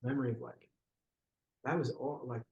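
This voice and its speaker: A man's voice: mid-range voice, steady tone, normal speed, gravelly, mellow, lo-fi sound. A man, a podcast guest, telling a personal story in a reflective, conversational way, searching for words with frequent restarts. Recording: roomy podcast recording.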